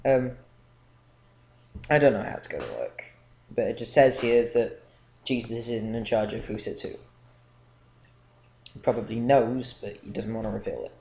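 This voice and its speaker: A man's voice: fairly low pitch, animated, normal speed, creaky, long pauses, darkish tone. A young man giving casual, rambling Bible commentary with lots of ums. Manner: rambling, informal, many ums. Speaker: Bible reading vlogger. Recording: echoey room, faint noise.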